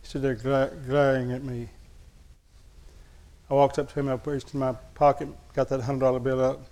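A man's voice: medium pitch, level tone, moderate pace, darkish tone. A male pastor preaching a sermon, telling a personal story in a folksy, candid, humorous way to his congregation.

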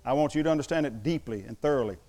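A man's voice: mid-range voice, rapid-fire, mellow. A man preaching a sermon as pastor to his congregation, emphatic and mixing in humorous asides.

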